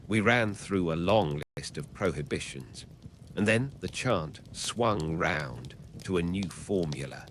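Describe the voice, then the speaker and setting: A man reading a classic novel aloud as an audiobook narrator, in a measured, even storytelling manner. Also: deep voice, slight background noise.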